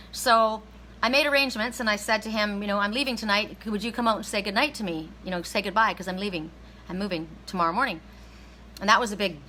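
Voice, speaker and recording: A middle-aged woman, an oracle card reader, telling a personal story in a casual livestream, animated and laughing, with some swearing. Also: medium pitch, a little hiss or hum, poor audio.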